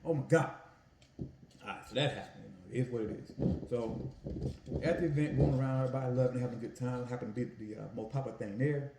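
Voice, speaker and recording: A man in his home kitchen, telling stories about his Italian ice business in an animated, folksy way while he cooks. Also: medium pitch, quick pace, echoey room, heavy background noise. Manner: animated, folksy storytelling with "y'all" and "family". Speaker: food vlogger and Italian ice vendor. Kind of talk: casual storytelling while cooking.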